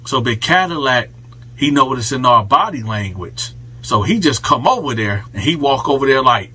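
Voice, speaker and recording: A man telling a story in a casual storytime style, animated and slangy. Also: mid-range voice, moderate pace, slightly rough.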